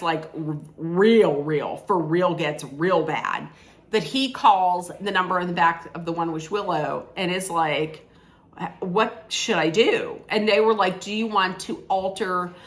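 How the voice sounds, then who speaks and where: A woman's voice: fairly low pitch, lively intonation, measured pace. A woman giving a casual spoken film review, rambling with many restarts and acting out quoted lines.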